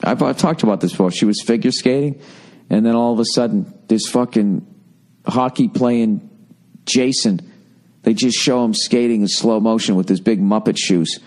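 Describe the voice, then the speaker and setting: A man's voice: fairly low pitch, normal speed, a little mellow. Profane rambling man reading listener mail. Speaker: podcast host. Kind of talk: casual comedic rant, reading listener mail.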